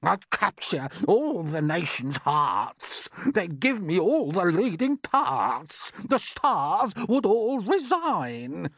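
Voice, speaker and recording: A shrill vain old aunt. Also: male voice, very animated, slow pace, hardly any pauses, fairly bright tone, no room sound, exaggerated voice. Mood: preening. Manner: shrill, preening, sing-song. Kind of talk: storybook character voice.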